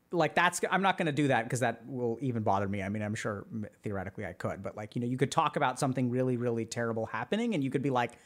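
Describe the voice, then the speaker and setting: A man hosting a podcast as a psychiatrist, explaining in an animated, casual way with lots of "like" and acted-out examples. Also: a little high. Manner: animated, heavy use of "like", acts out examples.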